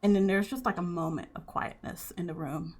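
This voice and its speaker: A woman's voice: lowish voice, fairly even intonation, a little fast, a little mellow, husky. A woman narrating a tabletop game as game master, casual and full of fillers.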